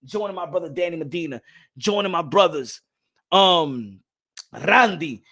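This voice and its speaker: Boxing vlog host, man with a high pitched voice, heated profane rant with shouty bursts. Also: lively intonation, measured pace. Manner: repeats phrases, laughs at own points. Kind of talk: casual boxing commentary vlog.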